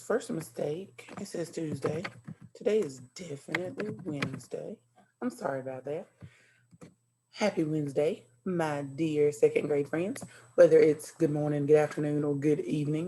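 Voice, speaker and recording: A woman teaching young children in a recorded video lesson, cheerful and encouraging. She speaks slowly and clearly to the kids. Her voice sits a little low and sounds mellow and warm. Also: a little hiss or hum. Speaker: second grade teacher. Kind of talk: recorded virtual classroom lesson.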